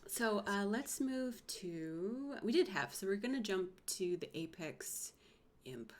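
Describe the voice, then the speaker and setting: A woman's voice: medium pitch, very animated, takes it slowly. A woman hosting a casual live-stream interview with voice actors, giggly and enthusiastic as she asks questions. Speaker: host.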